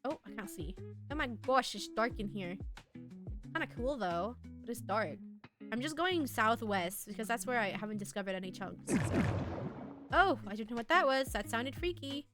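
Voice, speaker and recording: A woman's voice: a little high, lively intonation, normal speed. Chatty young woman streaming over music. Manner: chatty, giggly, answering chat while playing. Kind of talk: casual gaming livestream chat. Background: game music.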